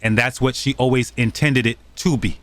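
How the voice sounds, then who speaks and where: A man's voice: mid-range voice, steady tone, normal speed. A man hosting a channel, talking over clips in an accusatory, scolding commentary. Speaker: channel host.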